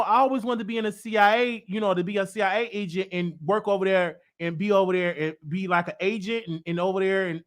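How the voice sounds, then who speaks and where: Southern us guy rambling on his show, high bright voice, gets worked up and loud. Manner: rambling, excitable, swings into loud emotional outbursts. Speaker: show host. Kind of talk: casual livestream monologue.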